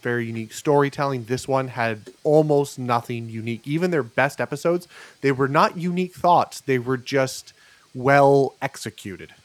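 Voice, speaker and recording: A man's voice: mid-range voice, normal speed, no echo. A man co-hosting a casual review chat, giving blunt, dismissive verdicts.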